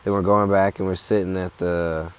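A man's voice: deep voice, little pitch movement, moderate pace, clear, resonant tone. A young man telling a hiking story in a laid-back, rambling, profane way. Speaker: hiker. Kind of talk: casual storytelling.

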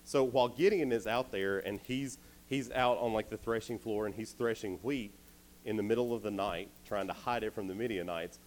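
A man's voice: lowish voice, normal speed, poor audio. A man preaching to teens, retelling a story casually and acting out the characters' lines. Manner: animated, acts out characters in quotes. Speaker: youth speaker. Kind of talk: youth sermon, casual storytelling.

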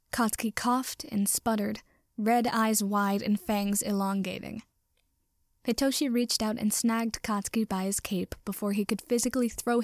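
A woman's voice: mid-range voice, a little mellow, dry recording. Woman reading fiction, dry close sound. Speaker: narrator.

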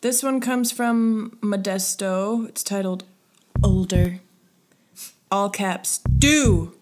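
A woman's voice: mid-range voice, steady tone, slow, darkish tone, a little hiss or hum. A woman co-hosting a casual podcast, reading personal ads aloud in a mock-earnest tone with dry teasing remarks. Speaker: podcast co-host.

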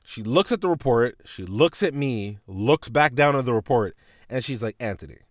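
A man's voice: mid-range voice, moderate pace, no echo, studio quality. A man hosting a podcast, telling a childhood story in a casual, profane way. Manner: animated, profane, voices his teacher and mom in retelling. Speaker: podcast host.

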